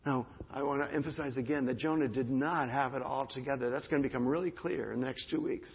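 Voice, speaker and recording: Gravelly-voiced preacher in a reverberant church. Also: male voice, medium pitch, fairly even intonation, fast. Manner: emphatic, repeats key phrases, rises into fervent prayer. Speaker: pastor. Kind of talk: sermon. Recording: dull sound with long hall reverb.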